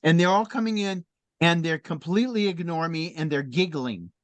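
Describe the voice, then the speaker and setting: Animated storytelling man, dry sound. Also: fairly high pitch, a little fast, no echo. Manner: animated, laughs often while telling stories. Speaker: speaker in a faith discussion. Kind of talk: conversational storytelling talk.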